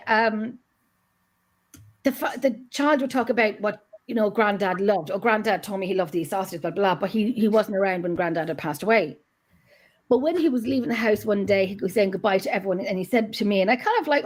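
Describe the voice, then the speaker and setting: A middle-aged Scottish woman chatting in a relaxed, rambling way. Her voice sits at an ordinary middle pitch. She keeps restarting her sentences and breaks into little acted-out quotes as she tells her story. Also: brisk. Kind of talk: casual chat.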